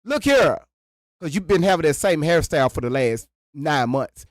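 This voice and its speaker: A man hosting a live reaction stream, chatting casually, stammering and repeating words, and swinging from low mutters to loud exclamations. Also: big pitch swings, moderate pace, no echo, studio quality.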